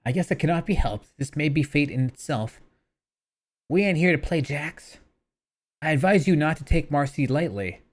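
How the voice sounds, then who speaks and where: A stern game soldier read by a man who warns about a deadly child fighter. His delivery is flat and steady, pitched a little above the reader's normal voice. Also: moderate pace.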